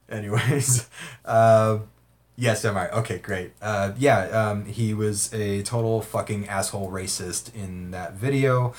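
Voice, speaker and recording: A rambling man chats casually on his livestream, reading out viewer comments. His voice sits a little low, and he laughs and swears freely as he talks. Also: steady tone, slow, long pauses. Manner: rambling, profane, laughs often.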